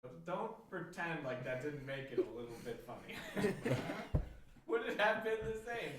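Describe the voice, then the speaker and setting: High, lively teasing man. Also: far from the mic. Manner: teasing, laughing, quick banter. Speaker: co-host behind the camera. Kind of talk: casual teasing chat. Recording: echoey room with loud crowd. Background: loud crowd.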